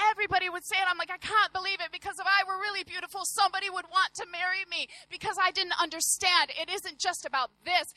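A woman in her forties preaching a sermon, telling a personal story with lively acted-out voices, swinging between loud and hushed. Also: very high-pitched, dry recording, low-quality recording. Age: 40s.

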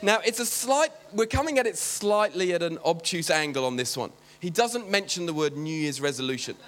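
A man's voice: fairly high pitch, lively intonation, brisk, fairly bright tone. A man preaching a sermon in a chatty, joking way, often breaking off to talk to the congregation. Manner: chatty, joking, self-interrupting.

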